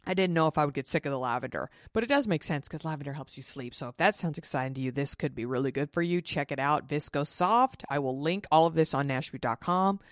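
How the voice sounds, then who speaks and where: This time the thirty-something host speaks in a low voice at a fast clip, barely pausing, as she runs her casual solo podcast. She is frank and chatty, curses without holding back, and acts out other people's words. The audio is studio quality with no echo.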